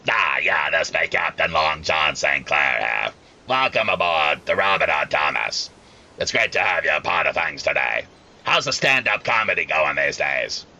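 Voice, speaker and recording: A man voicing a hard-drinking pirate captain who co-hosts the show, with a robotic, flat sound and formal, gracious manners. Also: a bass voice, moderate pace, vocal fry, exaggerated voice. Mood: hearty. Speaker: co-host.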